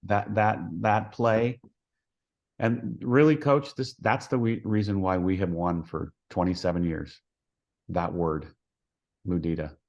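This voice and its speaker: Low-voiced coach telling folksy stories. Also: male voice, steady tone, measured pace, a little mellow, lo-fi sound. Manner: folksy, anecdotal, acts out quoted dialogue. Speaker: head softball coach, podcast guest. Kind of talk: storytelling in a podcast interview.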